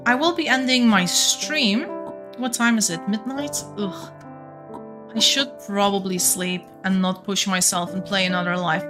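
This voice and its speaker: A young woman with a light Flemish accent chats to her stream while she plays, thinking aloud and restarting her sentences. Her pitch sits in a middle range. Faint game music plays underneath. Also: pushed and bright. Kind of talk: casual live-stream chat while playing.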